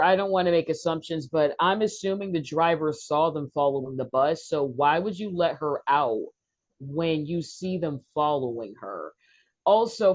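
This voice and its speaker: A woman on a podcast panel giving blunt, indignant opinions in casual chat. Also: deep voice. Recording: dull lo-fi audio.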